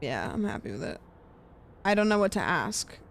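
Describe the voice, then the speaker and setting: A young woman streamer chatting casually while gaming, rambling with lots of fillers and trailing off quietly. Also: mid-range voice, big pitch swings, normal speed, creaky, slight background noise.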